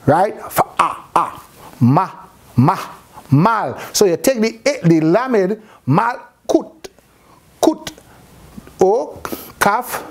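Brief: male teacher, slightly higher voice, questioning, restarts mid-sentence, classroom lesson. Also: darkish tone. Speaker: Bible teacher. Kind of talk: classroom teaching on Hebrew letters.

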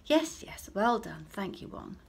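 A woman's voice: mid-range voice, very animated, a little slow, creaky, slightly rough, full character voice. A woman voicing an old, mild-mannered male maths teacher in a storybook reading, lecturing with patience. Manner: patient, lecturing, turns sharp when irritated.

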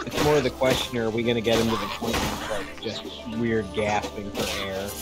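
A man's voice: on the low side, fairly even intonation, normal speed, loud music behind the voice. A man chatting casually with friends while gaming, telling a loose story with plenty of swearing. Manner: laid-back storyteller, frequent swearing. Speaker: gaming group member.

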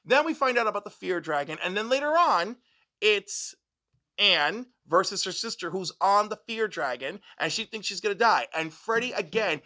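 A woman on a film review panel, chatting casually and retelling scenes animatedly. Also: normal speed. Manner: animated, retells scenes and acts out characters' lines in a higher voice.

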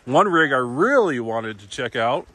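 A man's voice: mid-range voice, very animated, pushed and bright. A young man touring an outdoor campsite, chatting easily with other overlanders and laughing often. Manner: easygoing, quick to laugh. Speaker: vlogger touring campsite rigs. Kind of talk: casual walkaround chat. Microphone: phone camera.

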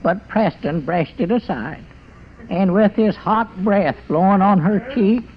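An actor playing a simple-hearted old storekeeper with a folksy drawl, in 1940s radio comedy style. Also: male voice, high voice, unhurried. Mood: mock-romantic. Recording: dull noisy old radio recording.

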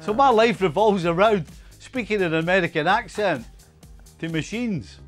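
A man's voice: sits high, lively intonation, unhurried, soft background music. A middle-aged man, a former footballer, chatting as a pundit in a wry, grumbling way. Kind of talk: casual studio chat.

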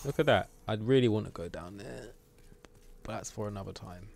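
A man's voice: lowish voice, fairly quick, vocal fry, darkish tone. A British man streaming a game live, chatting playfully with viewers and joking as he plays. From Britain. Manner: playful, banters with chat, jokes and mutters at the game.

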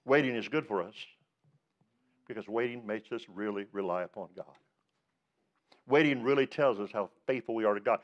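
A man's voice: on the low side, moderate pace, long pauses, highs cut off. A male pastor preaching a sermon, emphatic, asking rhetorical questions and rising on the words he stresses.

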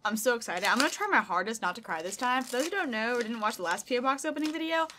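Young woman, upbeat vlogger type, bright higher voice, excitable and emotional. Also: very fast, slight background noise. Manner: bubbly and excitable, squeals up high, gets teary reading fan letters. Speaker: YouTuber. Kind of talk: casual vlog chat. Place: home room with packages.

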